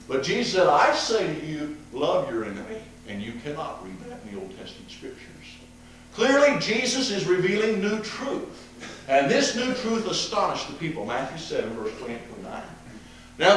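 A man preaching a sermon with emphatic delivery, rising when he quotes and dropping away at verse citations. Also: high voice. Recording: echoey hall, voice from a distance with a faint hum.

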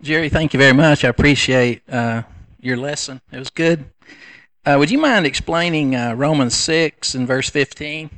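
A man's voice: on the high side, normal speed, a bit bright. A man in a church class asking a hesitant, polite question, heard from away from the microphone.

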